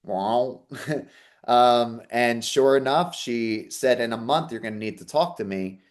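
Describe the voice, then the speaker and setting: A man's voice: mid-range voice, slow pace. A man who works as a psychic medium, giving an earnest inspirational talk and often checking in with listeners. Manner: earnest, repeats "okay?" to the audience. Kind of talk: inspirational talk with personal story.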